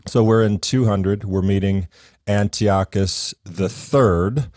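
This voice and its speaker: A man's voice: on the low side, slow, a little mellow, no room sound, studio quality, soft background music. A man hosting a podcast interview, chatting in a wry, conversational way. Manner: wry, conversational, light laughter. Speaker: podcast host. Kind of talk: casual interview chat.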